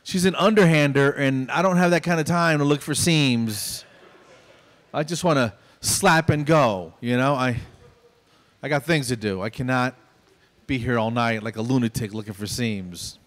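A man's voice: medium pitch, normal speed. A middle-aged man performing a stand-up comedy set on stage in a conversational, self-deprecating way. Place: stage at a small venue.

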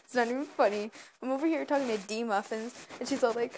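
A woman's voice: a little high, fast talker, few pauses, a little mellow, a little hiss or hum. Hyper, rambling young woman vlogger. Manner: hyper, rambling, stammering repeats. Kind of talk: casual rambling vlog.

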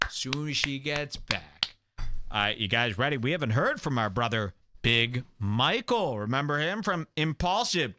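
A man's voice: mid-range voice, animated, normal speed, sharp tone. A man hosting a comedic talk show, ranting in a crude, mocking, gossipy manner. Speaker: radio show host.

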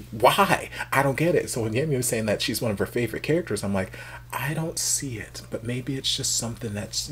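A man giving casual, animated reaction commentary as a video host. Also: on the low side. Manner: animated, chatty, emphatic.

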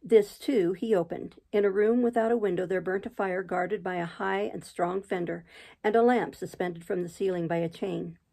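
A woman reads a classic novel aloud in a plain, homespun way. Her voice has a noticeable creak and fry running through it. Now and then she trips over a phrase and starts it again. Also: mid-range voice, steady tone, normal speed, mellow. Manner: unpolished reading with occasional restarts. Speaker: audiobook reader.

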